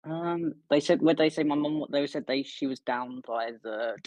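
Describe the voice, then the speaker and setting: A man's voice: a little high, moderate pace, darkish tone, no echo. A man taking part as a player in a tabletop game, hesitant and asking questions. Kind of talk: casual tabletop game chat.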